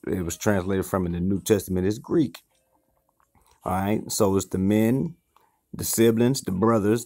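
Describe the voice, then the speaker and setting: A man's voice: lowish voice, vocal fry, darkish tone. A man leading an informal Bible study, explaining word by word, often restarting phrases and checking in with "okay" and "you see what I'm saying". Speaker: Bible teacher.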